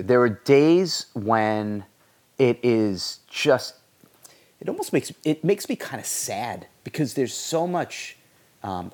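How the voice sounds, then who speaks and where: A man talking casually as a podcast guest, rambling with many restarts and stammers. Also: mid-range voice. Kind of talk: casual conversation.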